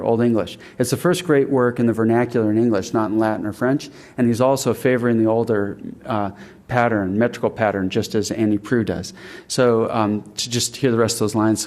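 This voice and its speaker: A man delivers a public talk on literary tradition in a middle-pitched voice. He speaks thoughtfully, stopping and restarting as he works out his ideas, and breaks into old verse recited aloud. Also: darkish tone. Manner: thoughtful, halting with fillers and restarts. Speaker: author giving a talk. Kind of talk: public lecture.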